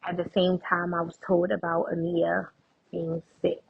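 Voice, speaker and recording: Woman, interview guest, husky and breathy, earnest storytelling, stops and restarts, slightly dull lo-fi recording. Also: on the low side, completely flat delivery, normal speed. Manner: earnest, tells anecdotes with frequent restarts. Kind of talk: emotional personal storytelling in conversation.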